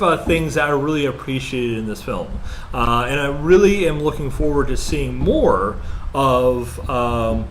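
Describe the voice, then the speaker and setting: A man co-hosting a casual movie review chat, rambling and hesitant with lots of fillers, then growing animated. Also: mid-range voice, a little hiss or hum. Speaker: podcast co-host.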